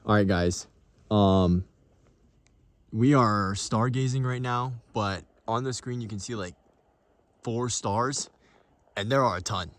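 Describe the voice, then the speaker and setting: A man's voice: on the low side, takes it slowly, pauses often, poor audio. A young man narrating a casual travel vlog to the camera in a chatty, upbeat way. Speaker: vlogger. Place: outdoors, windy desert trails and lookouts. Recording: loud wind noise on camera mic.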